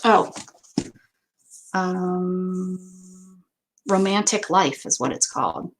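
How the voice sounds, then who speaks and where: A woman's voice: lowish voice, drawn-out words, rough recording. A woman hosting a crafting video, chatting casually to viewers and thinking aloud as she sorts paper. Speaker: craft channel host. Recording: noticeable background noise.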